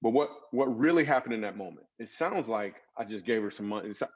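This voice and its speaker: With a voice on the low side, this podcast guest, a comedian and author, talks fast and animatedly. His personal stories come across earnest and dramatic with emphatic swings, in a storytelling interview recorded with lo-fi sound.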